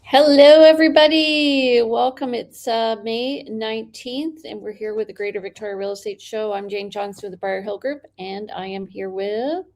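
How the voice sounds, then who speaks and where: A Canadian woman hosting a casual real estate chat show, playful and lively. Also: medium pitch, moderate pace, few pauses. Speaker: host.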